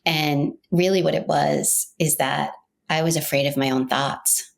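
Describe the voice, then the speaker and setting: Woman podcast host, middle-aged, from Maine, low voice, gravelly, heartfelt personal storytelling. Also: little pitch movement, normal speed. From Maine, United States. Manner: earnest, heartfelt and reflective, with restarts.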